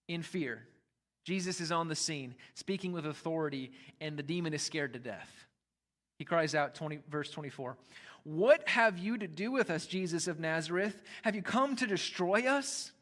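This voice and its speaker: A man preaching a sermon as pastor, talking conversationally with emphatic rises and quiet drops. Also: on the high side.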